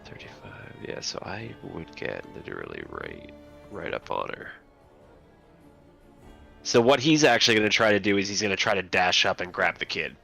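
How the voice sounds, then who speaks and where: Gravelly low-voiced man thinking aloud. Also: big pitch swings, moderate pace, bright, forceful tone, soft background music. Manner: thinks aloud with trailing, hesitant phrasing. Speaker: tabletop game player. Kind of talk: casual game-table chat.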